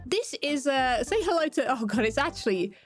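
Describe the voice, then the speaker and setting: A woman's voice: sits high, animated, normal speed, soft background music. A British woman giving casual, playful gameplay commentary as a Minecraft YouTuber. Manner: chatty and playful.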